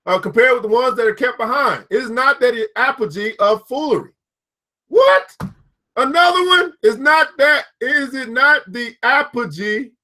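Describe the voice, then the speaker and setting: A man reading a book aloud to his listeners and stopping to comment, excitable and quick to whoop and laugh. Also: extremely high pitch. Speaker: book reader and host.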